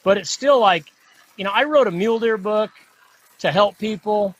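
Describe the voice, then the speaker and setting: A middle-aged man with a voice that sits high speaks at normal speed as a podcast guest discussing mule deer hunting. He's casual, rambling and repeating himself.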